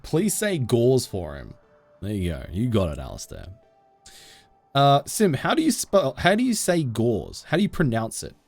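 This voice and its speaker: A man's voice: medium pitch, wildly swooping pitch, normal speed, creaky, no room sound, faint music behind. A man streaming a game from home, chatting playfully with viewers and reading their messages aloud into a desk mic. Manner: playful, jokey, reads chat aloud. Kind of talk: casual live-stream chat with viewers.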